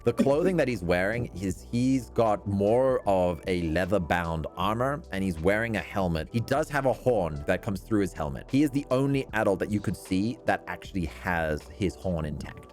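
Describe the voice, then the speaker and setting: A man's voice: low-pitched, expressive, moderate pace, few pauses, faint music behind. A man running a tabletop game as game master, narrating animatedly and laughing often.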